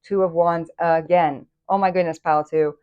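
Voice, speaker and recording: Female tarot host, low-ish voice, chatty and easily excited, rambling delivery. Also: moderate pace, clear, resonant tone, highs cut off. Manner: excitable, enthusiastic, chatty with many fillers and restarts. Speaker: tarot reader and channel host. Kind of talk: casual tarot reading to camera.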